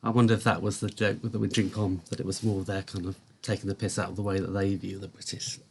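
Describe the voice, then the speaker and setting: A man co-hosting a podcast over a video call, who talks in a halting way and thinks aloud. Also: low-pitched, level tone, vocal fry, a little mellow, a little hiss or hum. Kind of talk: casual podcast chat.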